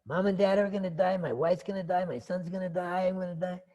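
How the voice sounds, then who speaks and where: A man's voice: medium pitch, animated, a little fast, gravelly, warm tone, husky, long reverb tail, lo-fi sound. A man voicing a troubled young prince in a retold story, speaking in a plain, earnest way close to his own voice. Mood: anxious.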